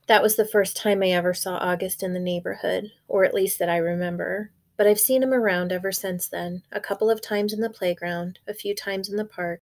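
A woman teacher reading a children's novel aloud with clear, expressive storytelling. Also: mid-range voice, brisk, hardly any pauses.

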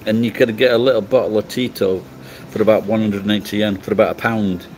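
A man's voice: lowish voice, steady tone, quick pace, a little mellow, slight background noise, low-quality recording. Blunt rambling Englishman on a livestream. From England. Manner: rambling, blunt, swears freely. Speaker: livestream host. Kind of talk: casual livestream chat reading comments.

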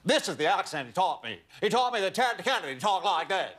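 A man's voice: high voice, sing-song, fairly quick, background noise, voice pushed up. A man doing an exaggerated, pompous impression of an upper-crust Boston politician. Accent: put-on upper-crust Boston. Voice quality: overdone, pompous drawl.

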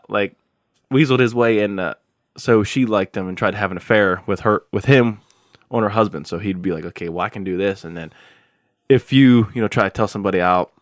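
Animated man telling a story. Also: lowish voice, dry recording, clean studio sound. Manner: animated storyteller, swears freely, breaks into laughter. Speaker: podcast host. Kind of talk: casual chat.

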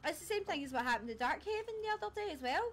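High-voiced woman streamer. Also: expressive, rapid-fire, slight background noise. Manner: chatty, laughs often, scattered. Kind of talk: casual live-stream chat while gaming.

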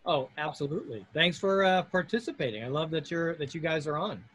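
A man's voice: fairly high pitch, fairly quick, fairly bright tone, husky. A man hosting a casual video call chat, friendly and talking in restarts. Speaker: host.

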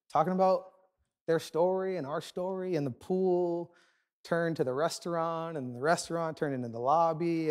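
A man preaching a sermon as a pastor, telling a personal story with animated, self-deprecating humor and quick asides. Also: a little high. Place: large church auditorium.

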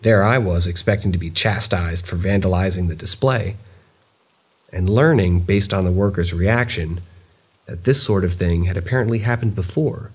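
Deep husky male story narrator. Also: moderate pace. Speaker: narrator of viewer-submitted stories. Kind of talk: scripted first-person horror narration.

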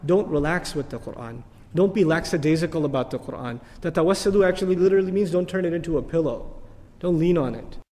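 A man giving an animated religious lecture as an Islamic teacher, telling stories and asking rhetorical questions. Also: a little high, quick pace. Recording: long hall reverb.

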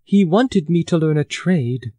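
A man's voice: a little high, lively intonation, unhurried, warm tone, no room sound, pitched above the performer's own voice. A male audiobook reader voicing a proud, gawky young country lad who answers eagerly. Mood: eager earnest. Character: gawky proud country youth, newly dressed up.

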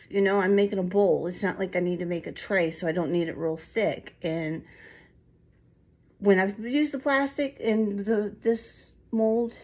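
A woman's voice: medium pitch, a little mellow, low-quality recording. A woman, chatting to her viewers as she works on a resin craft project at her home table, talking casually and poking fun at herself. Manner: chatty, self-deprecating, talks to viewers while working. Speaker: resin craft video maker. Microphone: phone camera.

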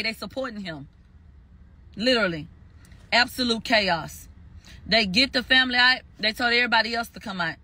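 Bright high-voiced man, emphatic rant. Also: moderate pace, pauses often. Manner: emphatic, repeats phrases for stress, profane. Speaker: commentator recounting a court verdict. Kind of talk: heated spoken recap.

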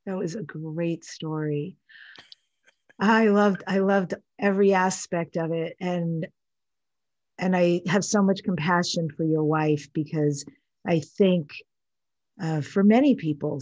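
A middle-aged woman hosting a podcast, responding to her guest in a warm, affirming way. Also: lowish voice, dry recording, lo-fi sound. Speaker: podcast host. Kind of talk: interview conversation.

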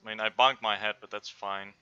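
A man's voice: on the low side, steady tone, brisk, pushed and bright, clean tone, no room sound. A young man joking and laughing over voice chat while playing a game. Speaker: gamer. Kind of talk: casual gaming chat. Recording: dull lo-fi voice chat.

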